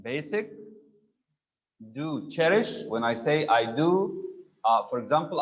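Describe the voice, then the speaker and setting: A man's voice: mid-range voice, expressive, takes it slowly, pauses often, highs cut off. A man teaching a grammar class online, patiently prompting students by name for answers.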